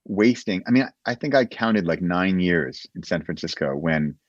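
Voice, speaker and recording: A man's voice: low-pitched, lively intonation, moderate pace, no room sound, dull audio. A man who is a guest on a podcast, talking casually and animatedly about writing, often laughing and acting out little conversations.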